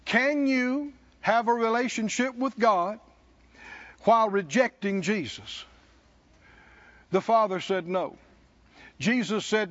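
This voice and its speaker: A male preacher delivering a sermon, leading the congregation in call-and-response with slow, emphatic lines. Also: sits high, fairly bright tone, highs cut off.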